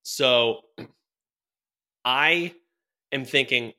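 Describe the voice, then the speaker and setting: A man's voice: mid-range voice, moderate pace, long pauses, pushed and bright. A young man telling a rambling story in casual chat, full of fillers, restarts and laughs. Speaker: podcast co-host telling a story.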